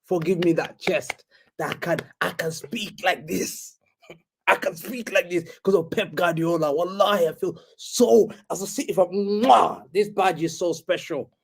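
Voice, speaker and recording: A young man co-hosting a football podcast, chatting in casual banter, excitable and teasing, laughing often. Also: sits high, normal speed, creaky, breathy edge.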